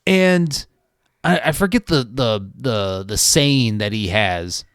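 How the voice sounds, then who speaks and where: Co-hosting a podcast, this man talks through a movie review in animated, profane storytelling, rambling and often starting sentences over. He speaks slowly in a clean, mid-range voice, recorded in a studio with no echo.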